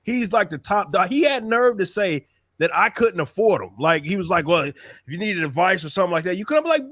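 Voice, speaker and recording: Man, fairly high voice, dry sound, heated profane rant, casual chat. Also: sing-song, brisk, a bit bright, dry recording. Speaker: podcast panelist.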